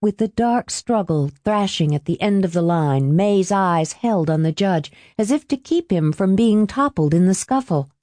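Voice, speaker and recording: A woman reading a novel aloud in a measured, expressive narration. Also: medium pitch, no room sound. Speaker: audiobook narrator. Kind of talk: scripted narration.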